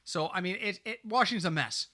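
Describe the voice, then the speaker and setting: Bright-voiced man chatting on a podcast. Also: sits high. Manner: chatty, storytelling, quick asides. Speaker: podcast co-host. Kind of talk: casual podcast chat. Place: home podcast studio, indoors. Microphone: desk mic.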